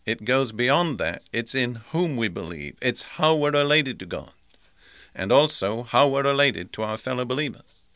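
Earnest male preacher, bright voice. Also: mid-range voice, animated, moderate pace, no room sound. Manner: earnest, emphatic repetition. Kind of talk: sermon.

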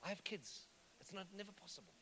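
A man's voice: sits high, very animated, fast talker, pushed and bright, a little hiss or hum. A man preaching a sermon, conversational and often asking the congregation whether they follow. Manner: conversational, asks the congregation questions. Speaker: pastor.

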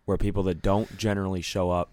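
Wry New man, lowish voice. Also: level tone, quick pace, darkish tone, no room sound. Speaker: podcast co-host. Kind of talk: casual banter.

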